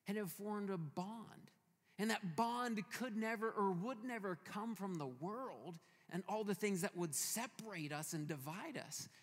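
A man's voice: sits high, fairly bright tone. A male pastor preaching a sermon in a church, telling stories in a playful, emphatic way. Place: church hall. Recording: reverberant church hall.

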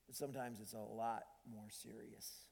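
A man's voice: lowish voice, steady tone, moderate pace, gravelly, a little mellow, slightly rough, big-room sound. A man preaching a sermon in a conversational way, with frequent ums and restarts. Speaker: pastor.

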